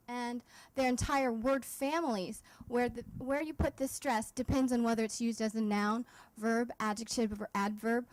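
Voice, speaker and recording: A woman presenting her startup at a demo day pitch, explaining her product step by step with frequent fillers and restarts. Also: fairly even intonation, unhurried, no room sound, rough recording. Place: event stage.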